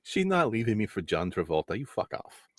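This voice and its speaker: A man with a Chicago accent playing in a tabletop role-playing game, relaxed and swearing casually. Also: fairly low pitch, a little fast, slight background noise. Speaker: player.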